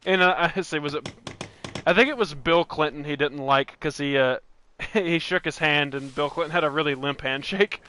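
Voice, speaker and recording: Bright-voiced rambling gaming host. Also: male voice, a little high, moderate pace. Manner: rambling, laughs often, restarts. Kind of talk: casual let's-play chat.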